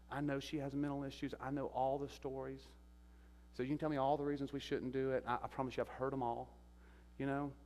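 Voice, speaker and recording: A man, a guest speaker telling a sermon testimony, halting and repeating his words as he goes. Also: mid-range voice, a little mellow, slight background noise. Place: church sanctuary. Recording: echoey sanctuary reverb.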